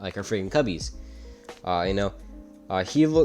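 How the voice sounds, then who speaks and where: A man's voice: low voice, lively intonation, moderate pace, long pauses, darkish tone, soft background music. A young man telling a story in casual commentary, rambling, with frequent uhs and restarts. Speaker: YouTube commentator.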